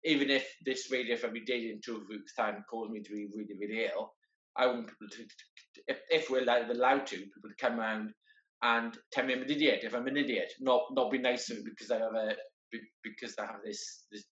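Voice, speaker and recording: A man's voice: mid-range voice, steady tone, brisk, a bit bright. A man speaking earnestly in a casual conversation, often stopping and repeating his words. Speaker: guest, wheelchair marathon entrant. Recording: roomy, dull lo-fi sound.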